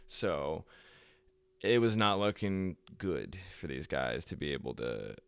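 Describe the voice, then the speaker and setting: Young guy w a deep smooth voice, dry close mic, rambling and swearing thru a story. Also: sing-song, slow pace, no echo. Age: young adult. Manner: rambling, profane, laughs often. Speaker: podcast host. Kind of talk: casual storytelling chat.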